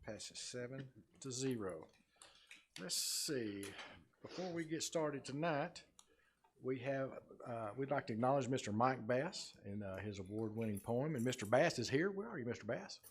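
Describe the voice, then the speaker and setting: A man's voice: medium pitch, lively intonation, breathy edge. A man serving as mayor, chairing a city council meeting and reading a formal proclamation. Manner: brisk procedural, reads proclamation emphatically.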